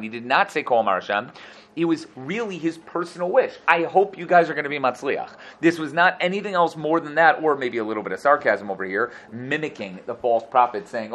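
A man's voice: medium pitch, animated, fast talker, fairly bright tone. Man teaching a Bible passage. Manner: mixes Hebrew terms into casual English, acts out quotes. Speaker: Torah teacher. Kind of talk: explaining a Bible text verse by verse.

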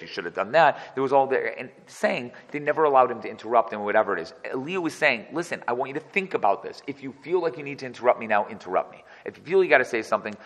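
A man's voice: mid-range voice, in a large hall, low-quality recording. A man teaching a text study class as its teacher. He reads verses and then translates and explains each one. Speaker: Torah teacher.

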